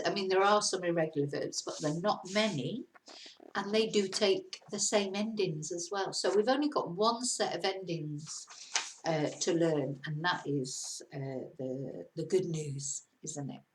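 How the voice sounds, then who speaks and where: Friendly woman teacher chatting through a lesson at home, bit low, echoey room. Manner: chatty, encouraging, laughs at herself. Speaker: Spanish teacher. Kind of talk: casual video lesson. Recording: roomy echo.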